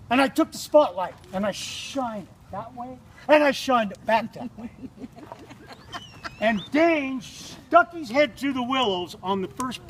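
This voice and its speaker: A cowboy storyteller man with a high, lively voice spins his tale at an unhurried, drawling pace, jumping into the voices of his characters. He sounds set back from the microphone, with a faint hiss and soft outdoor ambience behind him. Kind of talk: told campfire story. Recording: distant mic, faint noise.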